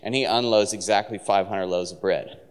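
A man's voice: on the low side, fairly even intonation, moderate pace, clear, resonant tone. A man preaching a sermon, telling a personal story with laughs and acted-out quotes. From San Francisco. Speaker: pastor. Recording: long reverb of a large hall.

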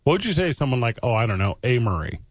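Teasing male radio host, lively pitch. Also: no room sound. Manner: joking, teasing, quick interruptions. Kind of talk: casual studio banter. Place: radio studio. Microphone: studio mic.

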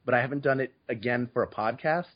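A man's voice: mid-range voice, fast talker, husky. A man, a podcast host, telling stories in casual chat, with frequent restarts and repeated words. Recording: slightly muffled audio.

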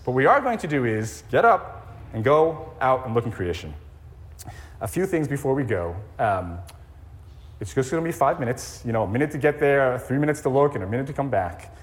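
Pastor, man in his 40s, relaxed, chatty sermon with a little humor, church hall reverb. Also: medium pitch, brisk. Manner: conversational, gently humorous preaching with fillers. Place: church sanctuary.

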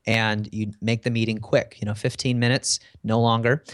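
A man's voice: fairly low pitch, level tone, normal speed, smooth, no echo, studio quality. A man in a casual interview, telling work stories in a conversational way with frequent fillers. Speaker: guest.

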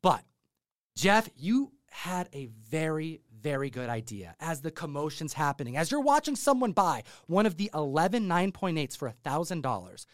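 A man's voice: a little high, moderate pace, few pauses, no echo, studio quality. A man hosting a comic book podcast in casual chat, telling stories and acting out what others said. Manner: animated storytelling, acts out quotes. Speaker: podcast host.

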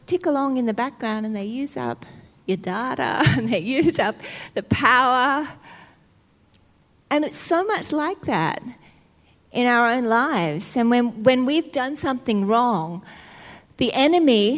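Fervent woman preaching in a hall. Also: sits high. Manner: emotional, fervent, conversational. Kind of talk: sermon. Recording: long hall reverb.

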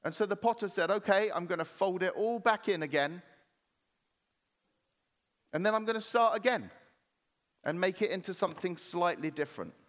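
A man preaching a sermon as pastor, animated, acting out playful voices in his retelling. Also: high voice, normal speed, pauses often, in a large hall. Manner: animated, acts out voices of clay and potter.

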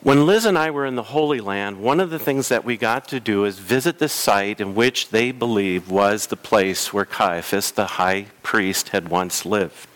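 A man's voice: fairly low pitch, moderate pace, hardly any pauses, fairly bright tone. A man preaching a reflective, emphatic sermon as pastor in a church. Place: church sanctuary.

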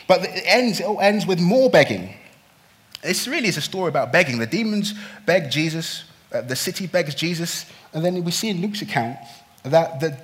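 A man preaching a sermon in a church, his voice pitched a little high for a man. He moves between quiet, drawn-out phrases and loud, pleading bursts. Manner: impassioned, swings from hushed to loud pleading. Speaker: pastor.

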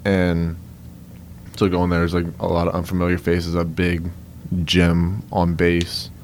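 Young Cajun male guest, very low voice, relaxed, lots of "um" and "like", slight hiss. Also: a little slow. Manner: easygoing, many fillers like "um" and "like". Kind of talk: conversational interview.

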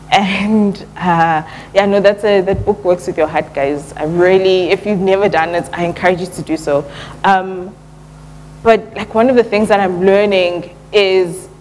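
A woman's voice: medium pitch, a little hiss or hum, poor audio. Young woman giving a casual church talk. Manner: relaxed and conversational, lots of "um" and slang like "yo". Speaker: church speaker. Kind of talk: casual sermon.

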